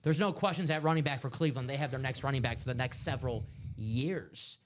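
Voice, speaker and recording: A man's voice: mid-range voice, fast talker. A man hosting a live stream, rambling through casual sports chat. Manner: chatty, rambling sports talk.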